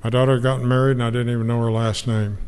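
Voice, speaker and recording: A man's voice: mid-range voice, flat delivery, rapid-fire, darkish tone, clean tone. An older man giving an earnest, emotional personal testimony about his recovery to an audience. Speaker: speaker sharing recovery story. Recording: long hall reverb, faint noise.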